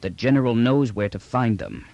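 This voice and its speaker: A man narrating a story, voicing a proud, gruff old patriarch who speaks curtly and gravely. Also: lively intonation, normal speed, darkish tone, no echo, muffled recording. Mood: bitter. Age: older. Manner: curt and grave, bursting into deep anger.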